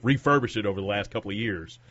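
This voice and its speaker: A man co-hosting a radio talk show who is conversational and quick to jump in. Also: lowish voice, fairly bright tone, no room sound. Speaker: radio co-host. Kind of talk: casual radio chat. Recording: dry, dull radio studio sound.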